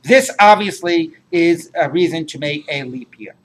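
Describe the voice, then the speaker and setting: Rabbi explaining Talmud to a class. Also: male voice, on the high side, animated, normal speed. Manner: explains Aramaic text, translating line by line, digresses into jokes.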